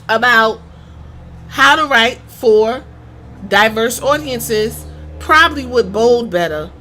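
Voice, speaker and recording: A woman with a New York accent rants bluntly on her podcast, swearing freely as she picks her points apart. Her voice sits a little high and sounds bright and forceful. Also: a little hiss or hum. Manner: blunt, profane, ranting. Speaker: podcast host. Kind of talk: casual commentary.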